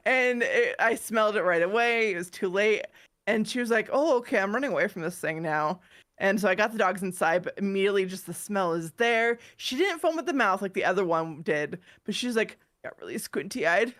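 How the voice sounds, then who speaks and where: A woman in her thirties co-hosts a podcast while nursing a cold. She rambles through her stories in easygoing chat and laughs at her own mishaps. Her pitch sits in the middle range. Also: expressive, fairly quick, fairly bright tone. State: has a cold. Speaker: podcast co-host. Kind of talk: casual chat.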